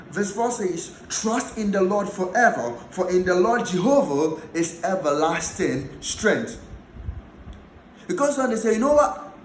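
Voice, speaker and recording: A man's voice: sits high, reverberant, slight background noise, rough recording. A man preaching a sermon and teaching a Bible passage, repeating key phrases for emphasis.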